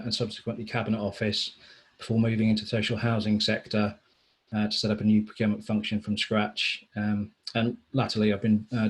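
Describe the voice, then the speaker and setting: A man giving a webinar talk on procurement, in a flat, dry manner with wry asides. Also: on the low side, husky, rough recording. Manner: self-described monotone, dry wry asides. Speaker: procurement consultant and speaker.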